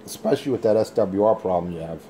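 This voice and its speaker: A man trash-talking rivals over a handheld radio mic, boasting and taunting in a slow drawl. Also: fairly low pitch, expressive, background noise. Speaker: CB radio operator. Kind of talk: on-air radio banter.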